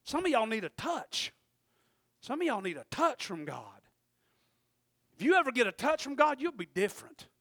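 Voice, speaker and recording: A preacher with a very high, bright, forceful voice, heard close and dry. He swings from shouted exhortation to quiet, folksy asides and keeps calling out to his congregation. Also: wildly swooping pitch, moderate pace, pauses often, dry recording. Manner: frequent call-outs to the congregation. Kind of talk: sermon.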